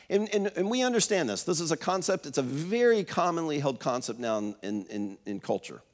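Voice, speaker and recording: A man in his fifties delivers a sermon in a church auditorium, with a fairly high voice for a man. He talks conversationally, tells stories, and often restarts his sentences. His voice carries a long reverb from the hall. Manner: conversational, storytelling with many fillers and restarts. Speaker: pastor.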